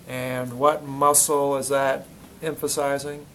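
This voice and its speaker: A male physical therapy instructor with a mid-range, level, slightly bright voice speaks slowly in a hands-on anatomy class demonstration lecture. He questions students and demonstrates on a volunteer, and the poor audio carries a little hiss or hum.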